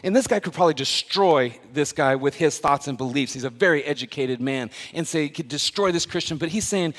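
Guy preaching in a church, chatty then gets loud and fired up, echoey big room. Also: fairly high pitch, animated, quick pace, few pauses. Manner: conversational, builds to loud emphatic preaching. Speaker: pastor. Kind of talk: sermon. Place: church sanctuary. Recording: long reverb of a church hall.

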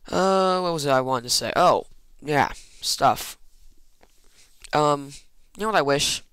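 This man has a highish, slightly bright, clean voice and speaks slowly and expressively with no echo. He's a Minecraft let's player who rambles in self-mocking fashion, muttering little asides to himself as he plays.

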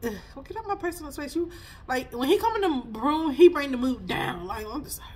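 A woman's voice: high-pitched, big pitch swings, fairly quick. A woman, giving a chatty spiritual reading full of laughs and sassy asides. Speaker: spiritual reader. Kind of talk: casual spiritual reading vlog.

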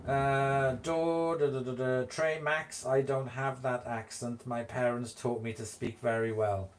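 Male host, casual live-stream chatter, unhurried delivery, giggles often. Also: mid-range voice, level tone, slight background noise. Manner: chatty, giggly, reads viewer comments aloud. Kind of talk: casual live-stream chat reading comments.

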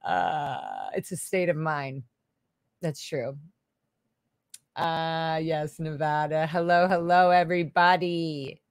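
A woman's voice: low voice, slow pace, no echo. A woman hosting a casual livestream Q&A, reading viewer comments aloud and chatting back with loose, casual swearing. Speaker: livestream host.

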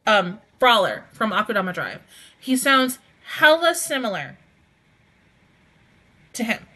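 A woman hosts a casual anime reaction review, talking fast and excitably and swearing freely. Her voice sits high and bright. Her pitch leaps around constantly as she laughs through her thoughts.

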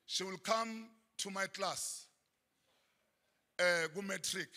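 Middle-aged South African man, preaching, gravelly, long reverb. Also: fairly even intonation, takes it slowly. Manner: preaching with frequent shouted high bursts. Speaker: pastor. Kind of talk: sermon. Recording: long church hall reverb.

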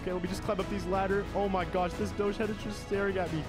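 A man giving excited, fast commentary while playing a video game as the host of a gaming channel. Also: over loud music. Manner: fast, excitable, high-pitched, exclaiming often.

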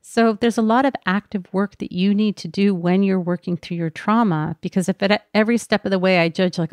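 A woman's voice: mid-range voice, steady tone, fairly quick, hardly any pauses, darkish tone, dry recording. A woman podcast host talking candidly and earnestly about her own healing in a reflective personal talk.

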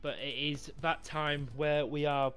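A man commentating his own football video game run, swinging from calm talk to swearing and yelling at the screen. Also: fairly high pitch, unhurried. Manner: excitable, sweary, yells at the game. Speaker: gaming YouTuber. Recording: music playing behind.

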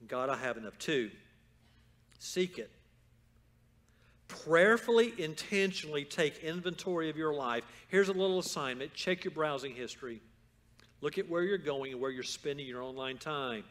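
A man preaching a sermon as pastor in a church, moving from calm storytelling to loud, fervent exhortation. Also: fairly high pitch, moderate pace. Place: church sanctuary.

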